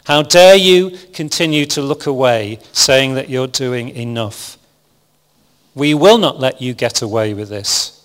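Casting: a preacher putting on Jesus, a stern grown man, slow, loud rebuke, long hall reverb. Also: mid-range voice, natural voice. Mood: impassioned. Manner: slow, declaiming, raised voice.

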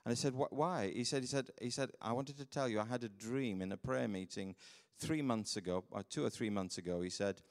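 A middle-aged man from the UK, a pastor preaching a sermon and telling mission stories with animated delivery, laughing at his own tales. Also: mid-range voice, a little fast, long reverb tail. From United Kingdom.

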